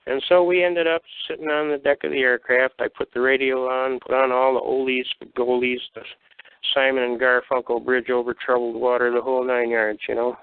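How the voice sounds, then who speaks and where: A man's voice: mid-range voice, little pitch movement, a little fast, smooth, dry recording. An older man from the Detroit area telling folksy, blunt war stories on a call-in show. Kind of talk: casual storytelling. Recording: tinny phone line.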